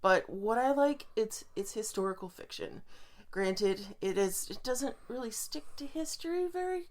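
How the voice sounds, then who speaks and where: A woman's voice: a little high, animated, normal speed. A woman co-hosting a podcast, chatting and rambling, with a lot of "um" and "like". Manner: chatty, rambling, frequent ums and likes. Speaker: podcast co-host. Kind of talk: casual chat.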